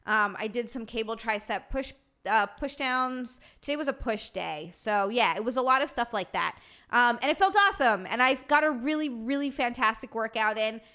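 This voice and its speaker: A woman's voice: a little high, lively intonation, moderate pace, sharp tone, clean tone. A woman streamer chatting casually with her live chat, bubbly and rambling, reading messages aloud.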